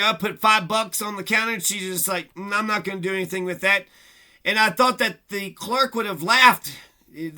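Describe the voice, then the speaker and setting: Man, high voice, piercing tone, casual profane rant, rambling. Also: sharp tone. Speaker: vlogger. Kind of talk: casual ranting monologue.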